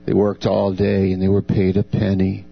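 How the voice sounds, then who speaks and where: A man's voice: completely flat delivery, normal speed, creaky. A man preaching a sermon earnestly, voicing God's words with a lifted voice. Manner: earnest, dramatizes God's words with raised pitch. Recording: dull lo-fi recording with mains hum.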